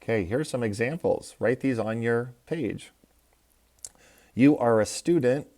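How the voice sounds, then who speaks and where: A man's voice: mid-range voice, a little slow, darkish tone. A man teaching a recorded lesson, explaining step by step with patient examples. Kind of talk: recorded classroom lecture.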